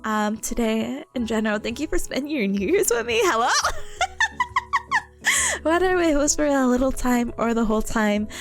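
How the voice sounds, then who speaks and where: Young female streamer, very lively high voice, giggly and stammering, casual chat over soft background music. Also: normal speed. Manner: bubbly, giggly, stammering, squeals with excitement.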